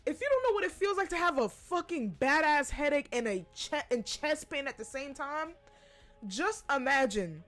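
A woman hosting a podcast, telling a personal story in a casual, profane way and laughing between lines. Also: a little high. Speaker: podcast host.

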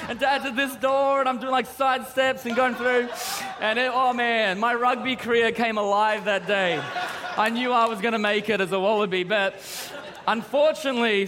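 A man's voice: extremely high pitch, noisy background. A young man preaching a sermon as a pastor, telling stories with jokes. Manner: storytelling, joking. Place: large church hall. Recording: hall reverb from a church service.

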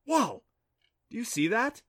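A man's voice: medium pitch, lively intonation, normal speed, a bit bright, dry recording, studio quality, lightly acted. A man voicing a curious, eager young boy who cracks jokes, in an audiobook reading.

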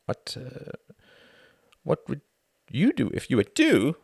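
Man voicing an earnest naive gentleman, hesitant, stammering, lively pitch, dry close sound. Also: takes it slowly, gravelly, slightly rough, no room sound, full character voice.

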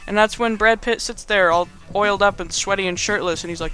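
A man's voice: high voice, fairly even intonation, normal speed, few pauses, bright, forceful tone, soft background music. A young man giving a casual, rambling movie recap in slangy speech full of fillers. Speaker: video host.

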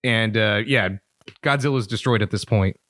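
A man's voice: lowish voice, normal speed, a bit bright, dry recording. A man co-hosting a casual film review podcast, speaking in a laid-back, profane way with frequent hesitations and laughs. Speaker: podcast co-host.

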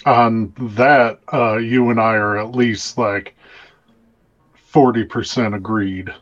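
Low-voiced rambling man role-playing. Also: steady tone, slow pace, a bit bright, highs cut off. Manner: rambling, filler-heavy, colloquial. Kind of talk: in-character role-play in a tabletop game.

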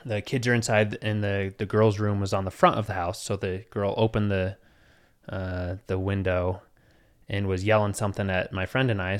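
A man's voice: on the low side, moderate pace, clean tone. A man in his thirties co-hosting a podcast, telling rambling stories in casual chat and laughing often. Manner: rambling, laughs often, animated when quoting others. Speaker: podcast co-host.

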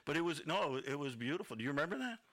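Gravelly male host, rambling nervous chat, crisp bright tone, dry sound. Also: fairly high pitch, very animated, very fast. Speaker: radio show host. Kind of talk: casual interview chat.

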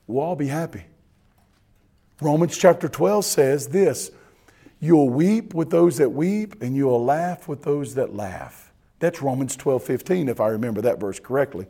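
A man preaching a sermon as pastor, folksy and animated, often asking his listeners if they are ready. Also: mid-range voice, unhurried, vocal fry, slightly rough.

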